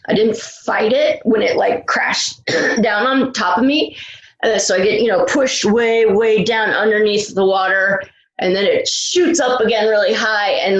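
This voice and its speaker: Slow-talking woman in an echoey room. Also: medium pitch. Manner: lively storyteller, frequent "like" and restarts, laughs. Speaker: retired rescue swimmer, podcast guest. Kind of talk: casual storytelling interview.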